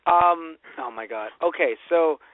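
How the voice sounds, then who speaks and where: A man's voice: on the high side, unhurried, dry recording. Man on a tinny lo-fi podcast line. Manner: rambling, drops into brief mock voices. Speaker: podcast co-host. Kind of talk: casual chat. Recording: dry, phone-like lo-fi audio.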